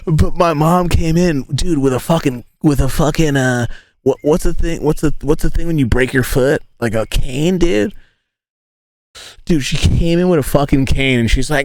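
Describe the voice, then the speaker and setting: A man's voice: a little high, unhurried, no room sound. A man in his thirties chatting casually on a livestream, telling rambling stories full of swearing. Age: 30s. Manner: profane, rambling, animated storytelling. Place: inside a tent.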